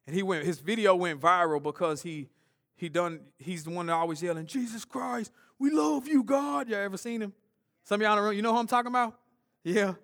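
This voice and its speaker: A man preaching a sermon, swinging between urgent loud passages and hushed intense ones, often repeating words. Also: high-pitched, quick pace. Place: church.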